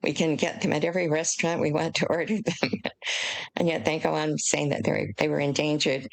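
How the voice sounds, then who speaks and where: An older woman from the United States, an author speaking as an interview guest, explaining in an earnest, measured way. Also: sits low, vocal fry, low-quality recording. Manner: earnest, emotional at times, measured.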